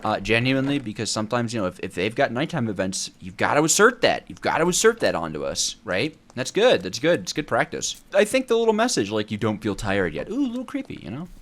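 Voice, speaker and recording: A man's voice: mid-range voice, quick pace, hardly any pauses. A young man giving casual gameplay commentary, rambling and talking to himself as he plays. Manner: animated, rambling, talks to himself. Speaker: gameplay YouTuber.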